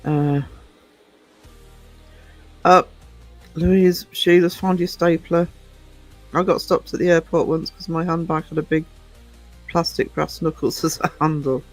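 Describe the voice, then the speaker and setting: British male channel host, casual and digressive, voice sits a little high. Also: flat delivery, a little slow, pauses often, faint music behind, low-quality recording. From United Kingdom. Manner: chatty, rambling, digressive. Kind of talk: casual livestream chat.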